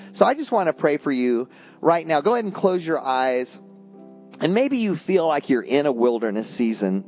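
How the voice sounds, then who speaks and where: A man's voice: mid-range voice, darkish tone. A man preaching a sermon as a pastor, telling a story earnestly and often repeating words as he goes.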